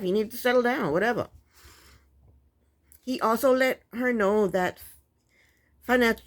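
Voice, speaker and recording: A woman giving a casual, opinionated TV recap, blunt and sassy, with chatty asides. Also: mid-range voice. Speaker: TV recap vlogger.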